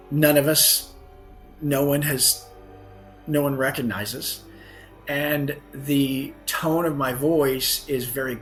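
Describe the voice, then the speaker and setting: A man's voice: medium pitch, fairly bright tone. A man, a guest author on a podcast, telling a story earnestly and often correcting himself mid-sentence. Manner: earnest anecdote telling with frequent self-corrections.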